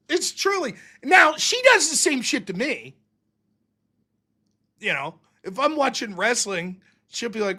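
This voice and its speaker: Animated, profane man hosting a livestream. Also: high voice, normal speed. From United States. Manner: profane, rambling, jokey. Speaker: livestream host. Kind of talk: casual livestream commentary.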